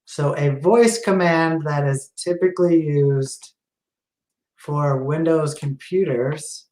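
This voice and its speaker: A man hosts a casual online quiz chat, drawing out his questions at an unhurried pace. His voice carries a noticeable room echo. He teases his co-host as they go. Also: fairly high pitch, a little mellow. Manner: slow, playful, quizzing a co-host. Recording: roomy echo.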